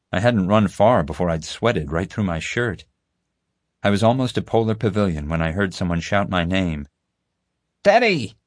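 A male audiobook narrator reads a first-person tale in an even, steady manner, his voice sitting low. The studio sound is close and dry, without any echo or room around it.

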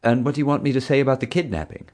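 A man's voice: mid-range voice, rapid-fire, a little mellow, pitched above the performer's own voice, lightly acted. A man reading an audiobook voices a meek, nervous male park spokesman eager to please.

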